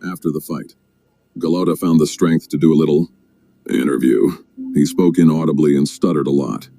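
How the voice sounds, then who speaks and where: A man narrating a sports documentary in a steady, measured way. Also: very deep voice, creaky, slight background noise. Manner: steady, measured storytelling with occasional fillers.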